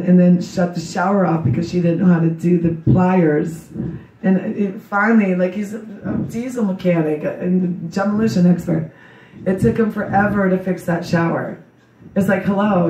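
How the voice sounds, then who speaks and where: A middle-aged woman with a loud voice gives a slow, earnest memorial tribute to her daughter. She speaks religiously and wanders into asides as she recites a poem. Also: on the low side, fairly even intonation, a little hiss or hum. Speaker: grieving mother giving a memorial tribute. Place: memorial gathering in a large room. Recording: echoey hall, distant dull mic.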